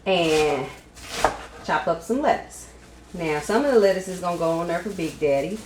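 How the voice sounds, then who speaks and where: A woman's voice: on the low side, animated, normal speed, darkish tone, a little hiss or hum. A woman hosting a casual home cooking demonstration, chatting straight to her viewers as she works at the stove. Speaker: home cook host. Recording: echoey kitchen with frying sizzle.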